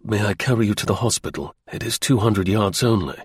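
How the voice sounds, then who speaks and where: A man gives voice to a kind young officer, gentle and quietly reassuring. His voice sits low and plain. The recording is dry and close. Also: animated, a little fast, breathy edge, dry recording. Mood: earnest. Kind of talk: audiobook character voice.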